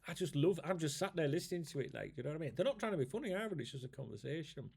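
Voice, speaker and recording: A man's voice: on the high side, lively intonation, racing, gravelly, a little mellow, breathy edge. A man from England, chatting casually and swearing freely to his viewers in a rambling, jokey way. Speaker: YouTube host.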